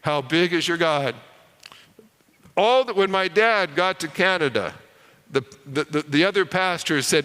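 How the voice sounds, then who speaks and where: Man, sermon preacher, bright crisp voice, storytelling, hushed on key lines, big hall reverb. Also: a little high, measured pace. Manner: storytelling, drops to a hush on key lines, repeats words.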